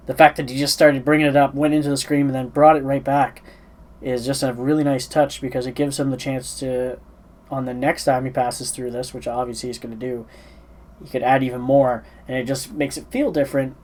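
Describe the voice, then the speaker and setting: A tired man chats his way through a music reaction, yawning between thoughts. His voice sits at an everyday middle pitch, and he rambles, hesitates and restarts his sentences as he goes. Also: little pitch movement, normal speed, darkish tone, poor audio. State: sleepy, yawning. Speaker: music reaction channel host. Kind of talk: casual reaction commentary.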